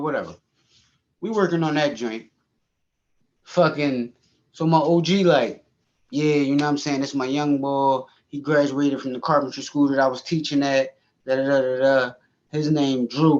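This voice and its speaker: A man co-hosting a podcast, telling a story in casual, profane, animated chat and laughing often. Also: medium pitch, dull audio. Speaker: podcast co-host.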